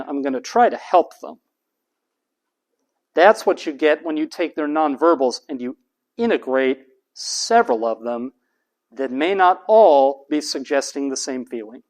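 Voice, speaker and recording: An university lecturer teaching a class in a classroom. The voice is pitched up on purpose to carry across the room, and the pace is slow and emphatic, leaning on key terms. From United States.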